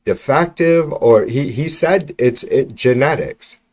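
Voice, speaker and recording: A man's voice: medium pitch, lively intonation, takes it slowly, a little mellow. A man hosting a livestream, ranting about politics in a profane, exasperated way with lots of restarts. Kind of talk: casual ranting livestream commentary. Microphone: computer mic while streaming.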